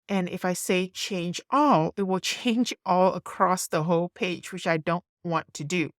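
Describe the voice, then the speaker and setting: A woman narrating a screen-recorded design tutorial, thinking aloud in a relaxed way as she works. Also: fairly low pitch, no echo, studio quality.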